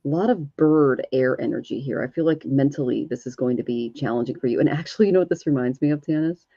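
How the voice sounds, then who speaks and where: Woman card reader on a home stream: soft, intuitive, meandering delivery; warm, slightly low voice, dull close audio. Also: quick pace, no room sound. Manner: gentle, intuitive, talks in loose flowing phrases. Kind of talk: live online card reading.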